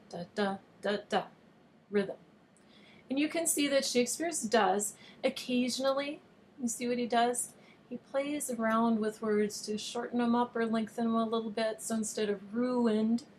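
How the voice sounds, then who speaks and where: A woman's voice: a little high, a little hiss or hum. Patient woman teacher explaining poetry. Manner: patient, explanatory, reads verse with overstressed rhythm. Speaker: online high school teacher. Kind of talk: recorded video lesson.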